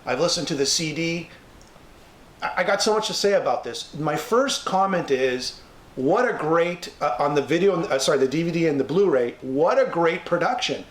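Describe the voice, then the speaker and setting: A man's voice: a little high, expressive, moderate pace, roomy sound. A man from Canada hosting an interview, effusive and gushing with praise. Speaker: interview host. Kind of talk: casual interview.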